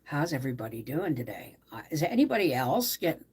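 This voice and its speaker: A middle-aged woman hosting a casual live stream, tired from a migraine, talking softly and trailing off as she greets viewers. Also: deep voice, sing-song, breathy edge. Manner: slow, soft-spoken, trailing off, greeting viewers warmly by name. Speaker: livestream host.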